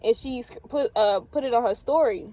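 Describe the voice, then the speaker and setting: A woman's voice: fairly high pitch, brisk, dark tone, low-quality recording. A young woman from the US Midwest telling a storytime in a blunt, profane, laid-back way with lots of fillers. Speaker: vlogger. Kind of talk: casual storytime.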